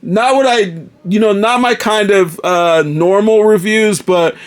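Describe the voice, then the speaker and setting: A man's voice: high voice, unhurried, no room sound. A man casually reviewing a toy figure, enthusiastic and often calling viewers folks.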